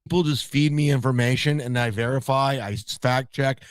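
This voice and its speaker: A man's voice: medium pitch, steady tone, a little fast, smooth, no echo. Smug man teasing gossip scoops. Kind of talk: casual stream chat.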